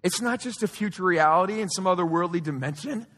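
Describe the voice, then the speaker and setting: A male pastor preaching a sermon with impassioned, repeated rhetorical questions, swinging from loud urgency to hushed quiet. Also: high voice, lively intonation, quick pace. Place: church auditorium. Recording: long reverb of a large hall.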